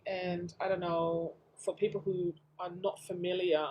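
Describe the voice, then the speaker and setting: A woman being interviewed about animal communication, telling her story in a lively way and acting out the voices she quotes. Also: lowish voice, unhurried, slight background noise. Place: Sydney.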